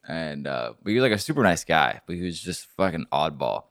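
A man's voice: very deep voice, sing-song, a little fast, no room sound, clean studio sound. A man telling a rambling story in a casual podcast chat, swearing freely. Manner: rambling storyteller, swears a lot, gets loud telling stories. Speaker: podcast co-host.

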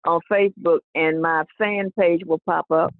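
Gravelly older woman on a phone line. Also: fairly low pitch, steady tone, normal speed, no room sound. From Waco, Texas, USA. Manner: emphatic, preaching-style repetition. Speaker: guest author. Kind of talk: casual interview talk.

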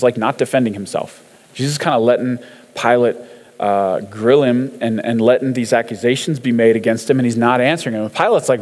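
A man's voice: mid-range voice, a little mellow, in a large hall. A man giving a casual, conversational sermon, chatting through song lyrics and scripture with fillers and easy laughs.

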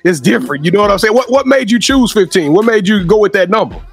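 A high-pitched man hosts with loud, slangy energy, stumbling over and repeating words as he gets going. He sounds excited throughout, with faint music underneath. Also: quick pace, creaky, breathy edge. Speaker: interview host. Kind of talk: casual hype interview.

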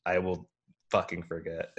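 Very deep-voiced man, swearing casually. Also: flat delivery, slow pace, husky, dull audio. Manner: loose, swears freely, laughs at himself. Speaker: podcast guest. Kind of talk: casual chat.

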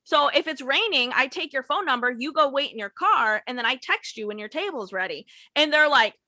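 Bright-voiced, blunt young woman. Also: high-pitched, lively intonation, fairly quick, no room sound. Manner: blunt, profane storytelling with mocked customer quotes. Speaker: former waitress and bartender. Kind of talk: casual chat.

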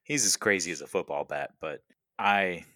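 A man's voice: deep voice, moderate pace, pushed and bright, no room sound, studio quality. A man co-hosting a casual movie podcast, upbeat and joking in easy banter. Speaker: podcast co-host.

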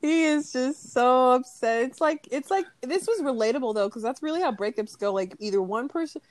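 A woman's voice: sits high, lively intonation, a little fast, no room sound. A woman co-hosting a podcast, chatting casually about movie scenes, laughing and swearing freely. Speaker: podcast co-host. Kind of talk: casual chat recapping movie quotes.

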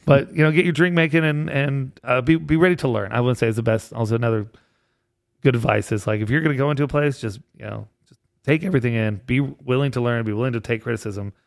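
A man's voice: mid-range voice, fast talker, gravelly, dry recording, clean studio sound. Rambling man telling a bar story. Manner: rambling, laughs through his story. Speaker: comedian and bartender guest. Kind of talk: casual storytelling chat.

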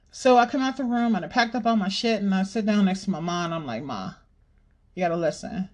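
A podcast host with a mid-range voice recounts a stressful family story casually, in a blunt, animated way heavy on profanity.

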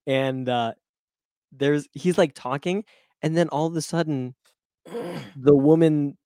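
A young man co-hosting a casual podcast, rambling and excitable, often trailing off mid-thought. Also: on the high side, takes it slowly, no room sound, studio quality. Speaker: podcast co-host. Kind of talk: casual chat.

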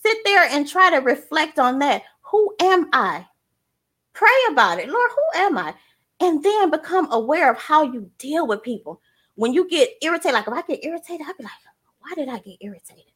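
An energetic woman talks in a casual chat, high-pitched and emphatic. Her voice is bright and lively, and she keeps repeating her points to drive them home. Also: normal speed. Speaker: transparency coach.

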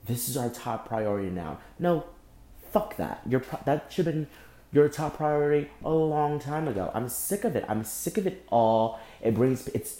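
A young man hosting a solo podcast, speaking angrily and with deep emotion, often breaking off and repeating himself. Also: mellow, reverberant. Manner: angry, emotional, repeats and restarts. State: emotionally shaken. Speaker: podcast host. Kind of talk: impassioned solo podcast monologue.

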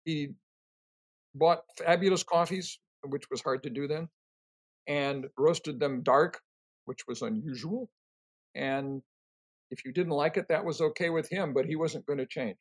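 An older man answering interview questions, telling rambling, animated stories full of fillers and restarts. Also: a little high, unhurried, pauses often. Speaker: interview guest, company co-founder.

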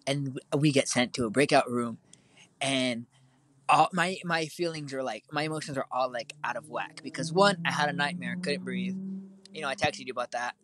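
A man's voice: mid-range voice, normal speed, a bit bright, a little hiss or hum. A teenage boy co-hosting a casual chat, telling a long story with lots of fillers and restarts. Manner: rambling, filler-heavy storytelling.

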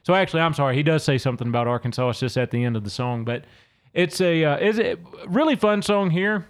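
A man's voice: fairly high pitch, animated, fast, smooth. A man from Louisiana, hosting a solo podcast and casually talking through song lyrics. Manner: casual, conversational, reads lyrics aloud between explanations. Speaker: podcast host.

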